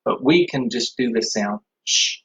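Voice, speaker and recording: A man's voice: medium pitch, unhurried, a bit bright, low-quality recording. A man teaching an online music class for young children, with sing-song call-and-response. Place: home room, recording to a computer.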